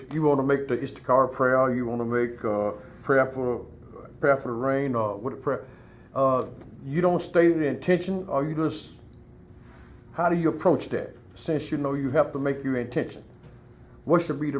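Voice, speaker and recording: A man's voice: mid-range voice, moderate pace, slight background noise. A man in a class asking the teacher a question, speaking hesitantly with many fillers.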